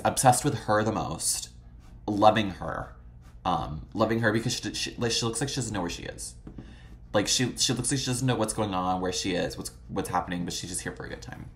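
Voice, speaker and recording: Vlog host, casual photo commentary, dramatic exclamations, swearing, filler-heavy chatter. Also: mid-range voice. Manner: chatty, gushing, swears freely, frequent "like" fillers.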